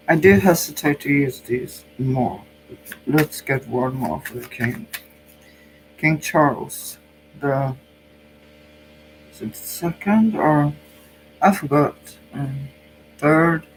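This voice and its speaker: A man's voice: on the high side, slow pace, long pauses, background noise. A Norwegian man with a cold, speaking English as a second language, who muses hesitantly and thinks aloud while giving a tarot card reading. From Norway. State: has a cold. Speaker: psychic channel host.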